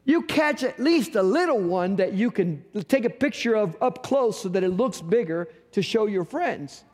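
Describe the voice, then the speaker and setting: A man's voice: high-pitched, lively intonation, normal speed, a little mellow. A middle-aged male pastor preaching a sermon, telling a story with humor and acting out bits of dialogue. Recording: long hall reverb.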